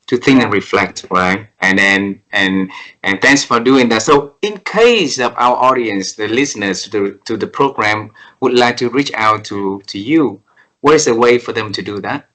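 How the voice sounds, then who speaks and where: A man's voice: on the low side, bright, forceful tone, rough recording. A man hosting an interview, encouraging his guest with short affirmations and thanks. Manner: supportive, with frequent short affirmations. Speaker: interview host. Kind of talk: conversational interview.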